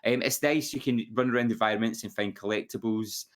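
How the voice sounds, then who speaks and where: A podcast co-host chats casually in a rambling way, full of restarts and fillers. His voice is fairly low, and he talks fast.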